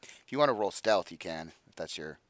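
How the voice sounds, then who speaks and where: A man's voice: deep voice, expressive, fairly quick, no room sound. A man narrating as dungeon master of a tabletop game, talking loosely with many fillers.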